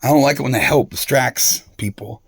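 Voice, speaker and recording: A man's voice: mid-range voice, brisk, vocal fry, breathy edge, no echo. A man talking straight to the camera in a rambling, profane and confrontational monologue. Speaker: vlogger.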